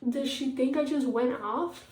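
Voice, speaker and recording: A woman's voice: sits high, unhurried, darkish tone. A teenage girl chatting casually while getting ready, rambling with lots of fillers and retelling what others said. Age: teens. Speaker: vlogger. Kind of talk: casual get-ready-with-me chat. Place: home bathroom. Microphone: tablet propped a little far away. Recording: echoey bathroom, mic at a distance.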